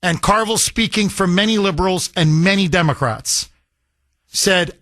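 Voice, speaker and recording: A man's voice: high voice, moderate pace, fairly bright tone, dry recording. A man hosting a political talk radio show, delivering an emphatic monologue and repeating phrases for effect.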